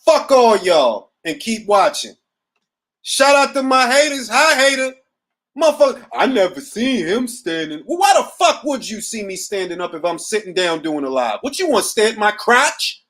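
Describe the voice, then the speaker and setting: A man's voice: high-pitched, moderate pace. A middle-aged man hosting a boxing talk show, ranting profanely and casually on a livestream from home. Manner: profane, animated, riffing. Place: at home, seated.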